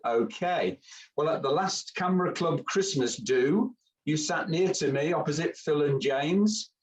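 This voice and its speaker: A man's voice: fairly high pitch, lively intonation, unhurried, a little hiss or hum. Chatty man, far from the mic. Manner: chatty, joking, hesitant with fillers. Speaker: camera club presenter. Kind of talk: informal club talk.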